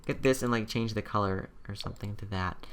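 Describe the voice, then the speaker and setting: Young guy chatting thru a game build, bright voice, lots of ums and likes, just thinking out loud. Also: lowish voice, a little fast, a little hiss or hum. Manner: rambling, thinking aloud with many fillers. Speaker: video host building in a game. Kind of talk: casual gameplay commentary.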